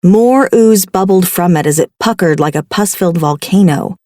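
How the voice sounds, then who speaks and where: A woman narrating a paranormal romance audiobook in the first person, with a wry, expressive delivery. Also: on the low side, moderate pace, no room sound, clean studio sound.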